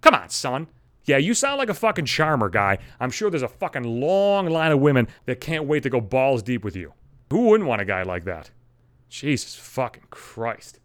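A man's voice: mid-range voice, very animated, a little fast, no room sound. A man hosting a podcast, ranting alone at home into a microphone, blunt and swearing constantly. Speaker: podcast host. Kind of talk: solo profane rant. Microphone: studio microphone.

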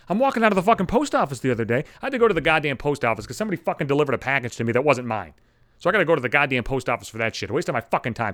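A man's voice: on the high side, a bit bright, dry recording, studio quality. A man in a profane, exasperated comedic monologue rant, swearing constantly. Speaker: comedic ranter.

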